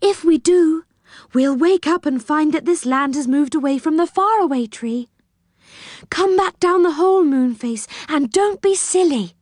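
Woman voicing an anxious storybook girl, high, urgent, slow and dry. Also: a little mellow, no echo. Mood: pleading. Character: anxious young girl pleading with friends.

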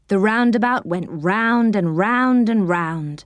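A woman reading a children's story aloud, expressive and warm in storybook style, in a dry close recording. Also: mid-range voice, takes it slowly, hardly any pauses, dry recording.

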